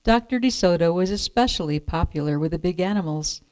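A woman reads a picture book aloud, clear and measured. Her voice sits a little low, and the sound is dry and close. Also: expressive, a little mellow, dry recording. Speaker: storyteller.

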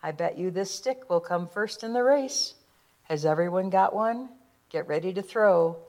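A woman voicing an excited little girl in a storybook. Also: fairly low pitch, moderate pace, natural voice.

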